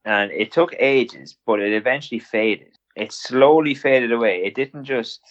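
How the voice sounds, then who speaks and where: A man's voice: medium pitch, unhurried, hardly any pauses. A man co-hosting a casual podcast chat, talking bluntly and swearing freely. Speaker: podcast co-host. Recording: dull, lo-fi sound.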